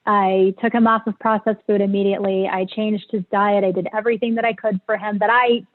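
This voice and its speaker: A woman guest tells a personal story, talking hesitantly with many fillers and plenty of emotion. Her pitch sits in the middle range. The audio comes through thin and tinny, like a phone line. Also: flat delivery, brisk.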